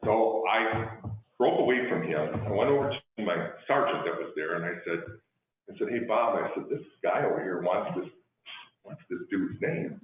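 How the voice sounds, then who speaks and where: A middle-aged man with a fairly low voice, talking about his police work and acting out both sides of old conversations. The sound is thin and phone-like, with a lot of echo. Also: animated, moderate pace, a little hiss or hum. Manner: conversational, acts out dialogue in his anecdotes. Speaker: guest speaker, police chief. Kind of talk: storytelling talk. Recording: tinny phone-like line with heavy echo.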